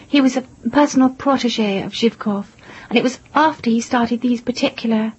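A woman interviewee recounting events in a measured, composed way, with a husky voice. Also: fairly high pitch, darkish tone. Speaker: interviewee, widow of the victim. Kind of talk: interview answers. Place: in London. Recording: dull lo-fi broadcast audio.

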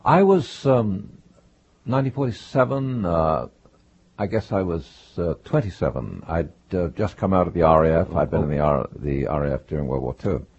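An older man with a husky, low voice recalls his past in an interview. His accent mixes British and North American sounds. He talks haltingly, full of fillers, and the recording is dull and lo-fi. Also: animated, a little mellow. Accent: mixed British and North American. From England. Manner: hesitant, many fillers. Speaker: guest, writer.

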